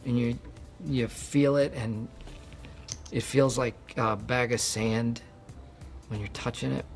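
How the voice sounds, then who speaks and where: An actor playing a film character who talks in a halting, musing way, heard as a distant clip. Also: male voice, mid-range voice, fairly even intonation, creaky, faint music behind. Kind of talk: film dialogue.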